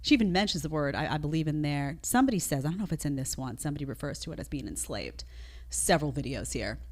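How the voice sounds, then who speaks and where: A woman's voice: deep voice, expressive, fast, darkish tone. A woman commenting on a played clip with an indignant, sarcastic, emphatic manner. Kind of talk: opinionated commentary.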